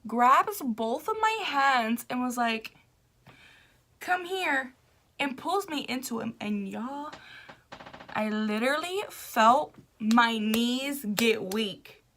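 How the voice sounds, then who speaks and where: Gushing young woman with a bright voice. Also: fairly high pitch, slow. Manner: gushing, excitable, with laughs and self-interruptions. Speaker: vlogger. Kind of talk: casual storytelling to camera.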